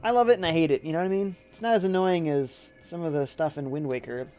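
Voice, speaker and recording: A chatty, jokey man livestreams a video game, answering chat as he plays. His voice sits a little high. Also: quick pace, darkish tone. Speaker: livestreaming gamer. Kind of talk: casual let's-play commentary.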